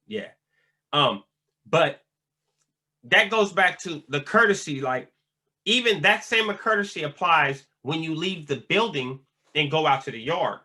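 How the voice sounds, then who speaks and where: A vlogger recounts prison life in a relaxed, slang-heavy monologue full of filler words. His male voice sits on the high side, sounding pushed and bright.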